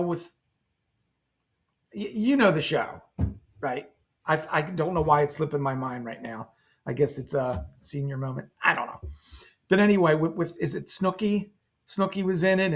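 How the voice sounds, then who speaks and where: An older man, a band's guitarist, casually telling rambling, animated anecdotes with sound effects while seated indoors. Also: fairly high pitch. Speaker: band guitarist. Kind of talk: casual storytelling to camera.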